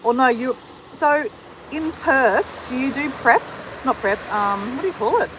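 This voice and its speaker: An Australian woman livestreams outside in the sun, chatting casually, greeting viewers, and answering their comments. She speaks at a measured pace in a high-pitched, expressive voice, with background noise audible.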